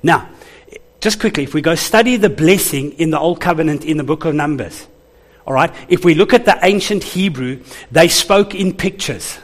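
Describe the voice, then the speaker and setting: A man's voice: on the high side, lively intonation, normal speed. A man preaching a sermon to his church as pastor, calling out to the congregation for responses.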